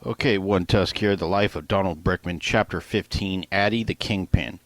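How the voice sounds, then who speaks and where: Low-voiced man casually reading his own novel. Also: moderate pace, a bit bright, no room sound. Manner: casual, conversational, with offhand asides and swearing. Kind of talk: first-person audiobook narration.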